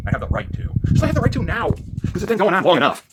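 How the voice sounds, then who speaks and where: A worked-up man ranting in a profane vlog, swinging between loud outbursts and low muttering. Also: huge pitch swings, fast talker, very noisy. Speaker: vlogger.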